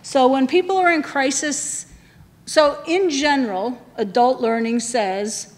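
A woman's voice: sits high, unhurried, in a large hall. A woman leading a training session, talking conversationally and putting questions to the room.

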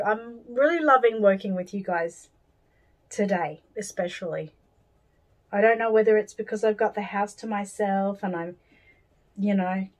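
A cheerful Australian woman talks her viewers through a craft step by step. She rambles and thinks out loud, with fillers and small asides, and her pitch sits in the middle of the usual range for a woman. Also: moderate pace, low-quality recording. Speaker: doll-making tutor. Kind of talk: chatty craft tutorial.

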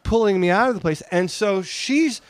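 A man's voice: high voice, moderate pace, dry recording. A man telling a long personal story as a guest on a podcast, acting out the lines he quotes. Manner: animated, acts out quoted lines. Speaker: interview guest. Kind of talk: casual storytelling in a podcast interview.

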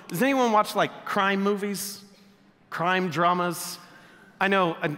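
A male pastor preaching a sermon, animated and joking in a conversational way. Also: high-pitched. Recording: long echoey hall reverb.

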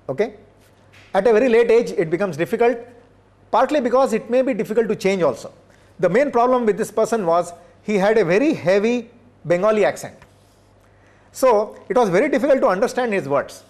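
Middle-aged male professor, higher-pitched voice, measured workshop lecture, hesitant fillers, tag questions to the room. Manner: measured, checks in with "right?" and "okay?".

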